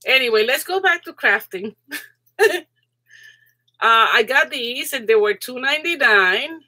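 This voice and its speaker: Middle-aged woman hosting a live craft stream. High, bright, giggly voice that climbs when she's excited. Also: measured pace. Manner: excitable, giggly, chatty, talks to viewers in chat. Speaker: crafting channel host. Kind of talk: casual live stream chat.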